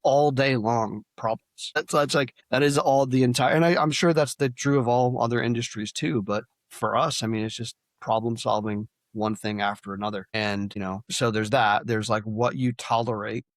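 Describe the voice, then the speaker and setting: A man's voice: mid-range voice, fairly even intonation, normal speed, few pauses, no echo. A man speaking as a podcast guest in a casual, plain-spoken way, with many restarts. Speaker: guest, sales company leader. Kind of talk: podcast interview.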